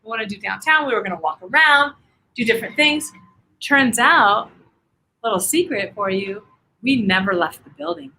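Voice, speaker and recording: A woman with a bright, slightly high voice chats as a guest on a live show. She talks with lots of energy and rambles through fillers as she explains her work. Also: animated, normal speed, creaky. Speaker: guest photographer. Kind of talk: casual interview chat.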